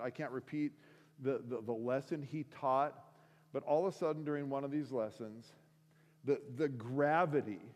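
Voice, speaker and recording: Animated man telling a story in a hall. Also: on the high side. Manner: animated, acts out the voices in his story. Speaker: speaker. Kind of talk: storytelling sermon. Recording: long hall reverb.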